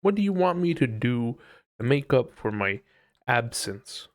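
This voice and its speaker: A man's voice: mid-range voice, sing-song, unhurried. A man live-streaming while he sculpts, chatting casually and joking in a profane, mock-aggressive way.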